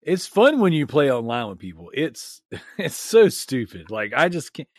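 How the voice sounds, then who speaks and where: A man's voice: mid-range voice, very animated, moderate pace, dry recording, studio quality. A man co-hosting a podcast, teasing a friend in loose, joking banter. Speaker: podcast co-host.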